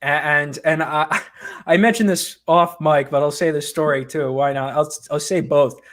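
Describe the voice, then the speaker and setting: A man, a comic book writer being interviewed, chatting casually and telling animated, self-mocking stories. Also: on the high side, normal speed.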